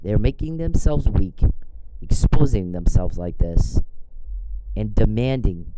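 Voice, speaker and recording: Low-voiced guy cussing and ranting, lots of background hiss. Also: lively intonation, slow pace. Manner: blunt, profane, exasperated. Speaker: commentator. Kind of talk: casual rant.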